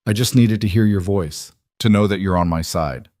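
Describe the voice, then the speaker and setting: This is a shaken young woman who has just escaped an abusive partner, read by a man who lifts his low voice slightly. The delivery is strained and urgent. The sound is dry and close. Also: moderate pace, darkish tone, no room sound, natural voice. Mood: earnest.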